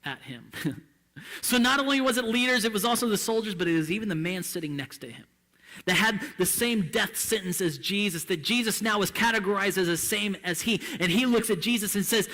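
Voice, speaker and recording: A male pastor preaching a sermon in a church, impassioned and swinging between hushed and loud delivery. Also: sits high, lively intonation, fairly quick, long reverb tail.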